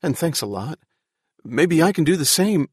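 A man voicing a bewildered, worried young man who speaks quietly and dazedly. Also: on the high side, sing-song, normal speed, husky, dry recording, clean studio sound, voice pushed up.

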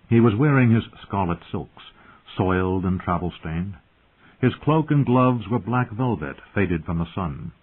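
A man narrating a fantasy audiobook in a measured, tense storytelling manner. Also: low-pitched, slightly rough. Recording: tinny phone-like audio.

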